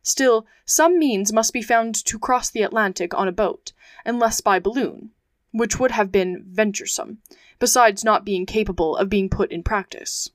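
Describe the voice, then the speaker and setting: A woman podcast host narrating a classic adventure novel aloud, reading in measured phrases. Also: mid-range voice, no room sound, clean studio sound. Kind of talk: audiobook narration.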